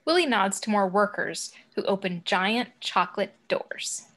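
A woman reads out the action descriptions of a script. Her tone is even and matter-of-fact, her voice mid-pitched. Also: measured pace. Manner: plain, matter-of-fact reading. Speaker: narrator of stage directions. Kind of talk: reading a script aloud.

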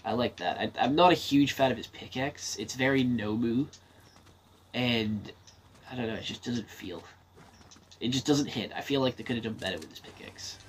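A man's voice: mid-range voice, moderate pace, slight background noise. Swearing male gamer talking to himself. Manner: swears freely, talks to himself while playing. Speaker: gaming streamer. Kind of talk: casual gameplay commentary.

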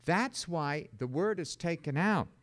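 A man preaching a sermon as a Bible teacher, dramatic and emphatic, with sudden loud bursts and conversational asides. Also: fairly high pitch, lively intonation, a little slow.

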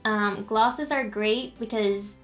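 A woman's voice: medium pitch, takes it slowly, fairly bright tone, soft background music. A young woman hosting a casual makeup tutorial, chatty and upbeat, talking straight to her viewers. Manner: chatty, upbeat, talks to viewers as "you guys". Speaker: beauty vlogger.

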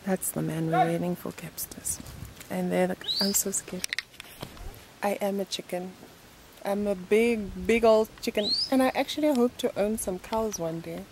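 A woman's voice: medium pitch, moderate pace, background noise. A woman vlogging on a phone camera outdoors by a rural road, chatting playfully with teasing, mock-dramatic asides. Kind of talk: casual vlog chat.

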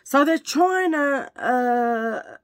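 A woman's voice: high voice, expressive, very slow. A woman chatting casually to camera, rambling from one tangent to the next. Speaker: vlogger. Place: at home filming under a ring light.

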